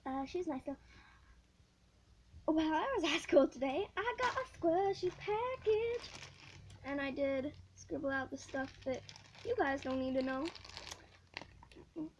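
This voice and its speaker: A teenage girl unboxing a package for her vlog, excitable and giggly, gushing over each item in casual chat. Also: sits high, measured pace, pauses often, a little hiss or hum, poor audio. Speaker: vlogger.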